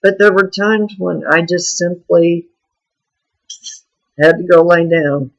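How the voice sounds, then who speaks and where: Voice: medium pitch, slow pace, highs cut off. A vlogger talking in a frank, rambling, confessional way in a personal video diary.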